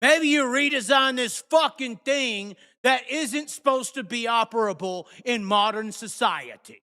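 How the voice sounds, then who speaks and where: A man hosting a live show, ranting angrily and cursing, swinging between shouts and mutters. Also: very high-pitched, unhurried, long reverb tail. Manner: heated, profane, shifts from shouting to muttering. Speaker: host. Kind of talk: angry live rant.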